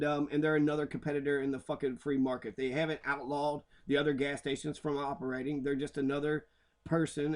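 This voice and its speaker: A man giving a profane, heated, rambling rant while commenting on local news stories. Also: mid-range voice. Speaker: commentary vlogger.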